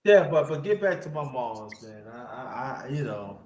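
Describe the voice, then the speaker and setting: A man's voice: medium pitch, big pitch swings, normal speed. A man hosting a casual livestream chat, rambling with many fillers and restarts. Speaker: livestream host. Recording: echoey room with background noise.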